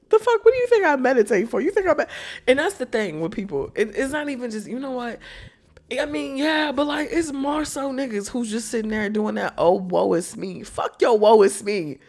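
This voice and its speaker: A woman's voice: high-pitched, lively intonation, normal speed, darkish tone. A young woman hosting a podcast, ranting with lots of cursing and laughter and mocking the people she talks about. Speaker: podcast host. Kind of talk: casual podcast rant.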